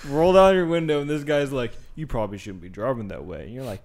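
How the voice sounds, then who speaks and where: A man's voice: mid-range voice, quick pace, heavy background noise. A young man co-hosting a podcast, chatting casually with giggly, crude banter. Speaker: podcast co-host. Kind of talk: casual chat.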